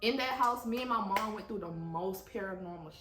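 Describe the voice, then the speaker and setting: A woman co-hosting a vlog, telling stories in a casual, animated way, full of swearing and frequent laughter. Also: mid-range voice, brisk. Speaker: vlog co-host. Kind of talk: casual storytelling. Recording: roomy sound with music behind.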